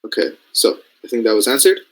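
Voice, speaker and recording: A man's voice: mid-range voice, expressive, quick pace, fairly bright tone, poor audio. Casual young man teaching code. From Canada. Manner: casual, thinking aloud, checks understanding often. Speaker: robotics programming mentor. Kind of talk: screen-share coding lesson.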